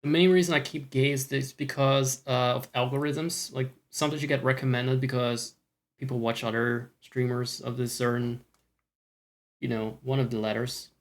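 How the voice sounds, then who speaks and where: A man's voice: mid-range voice, fairly even intonation, normal speed. Scottish guy rambling on a stream, swears a lot, mutters to himself. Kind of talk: casual stream chat.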